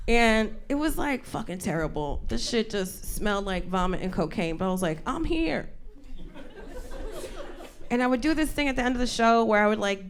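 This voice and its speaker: A woman's voice: mid-range voice, slight background noise. A woman comedian hosting a live show, telling a profane story with lots of laughing and acted-out voices. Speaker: comedian host. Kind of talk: stand-up storytelling monologue. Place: live audience show room.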